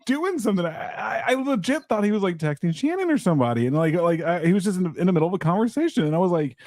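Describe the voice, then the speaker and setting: Giggly man with a lively voice. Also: high-pitched, rapid-fire, no echo, clean studio sound. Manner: giggly, laughs through his stories. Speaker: podcast co-host. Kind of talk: casual chat.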